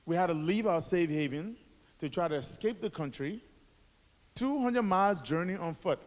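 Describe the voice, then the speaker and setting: A man's voice: high voice, expressive, moderate pace. A man in his forties from Liberia, an author and activist telling his story to a school assembly with rhetorical questions to the audience. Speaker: guest speaker, author and activist. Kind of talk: motivational school assembly speech. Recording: echoey hall.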